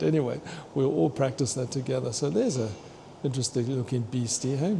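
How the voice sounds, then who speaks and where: A man excitedly touring a fossil museum, chatting to his viewers and tripping over long names. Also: medium pitch, a little fast, vocal fry, hardly any pauses, background noise. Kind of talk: walking museum tour vlog. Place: indoor museum hall.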